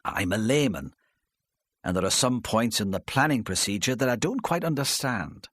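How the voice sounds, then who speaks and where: A man as a calm police inspector. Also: medium pitch, dry recording, clean studio sound. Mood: probing. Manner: calm, measured questioning. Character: patient, probing male police inspector.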